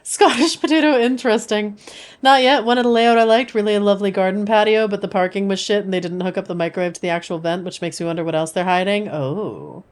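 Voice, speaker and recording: A woman's voice: mid-range voice, fast. A woman streamer chatting casually and playfully with her viewers while she plays a game. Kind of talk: casual gameplay chat.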